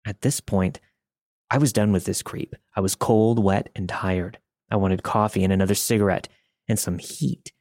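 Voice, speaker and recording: A man's voice: deep voice, steady tone, moderate pace, darkish tone, no echo, studio quality. A man narrating a first-person story in a wry, conversational way.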